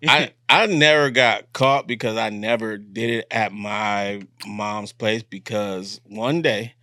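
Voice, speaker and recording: A man co-hosting a podcast, laid-back in casual chat and quick to laugh. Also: fairly low pitch, steady tone, sharp tone, dry recording, clean studio sound. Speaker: podcast co-host.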